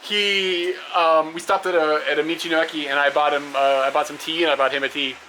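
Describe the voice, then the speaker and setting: A young travel vlogger, fairly quick with a fairly high, pushed and bright voice but flat delivery, rambles to his camera near roads and rest stops. He uses fillers and laughs often, and the poor outdoor audio catches clear traffic.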